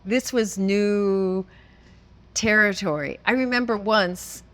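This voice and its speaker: A woman's voice: medium pitch, takes it slowly, fairly bright tone. A woman as an interview guest, telling stories casually and expressively, with frequent laughs and hesitant restarts. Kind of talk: casual conversational storytelling.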